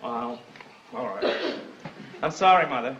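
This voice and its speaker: A man with a Cuban Spanish accent playing an excitable bandleader husband in a 1950s sitcom, lively and exclamatory. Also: on the high side, a little slow, gravelly, exaggerated voice. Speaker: bandleader turned actor. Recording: lo-fi 1950s TV audio with hiss. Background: studio audience laughter.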